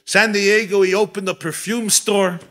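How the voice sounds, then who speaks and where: A man who is a rabbi, telling a story at a gathering in a lively way and repeating key phrases for emphasis. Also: sits high, normal speed. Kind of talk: animated storytelling talk at a gathering.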